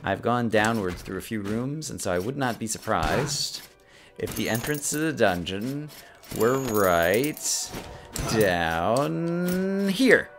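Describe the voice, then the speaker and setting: A fairly low-pitched man hosts a gaming video, chatting casually through a let's-play. He talks fast and excitably, fumbles his words now and then, and game music runs underneath.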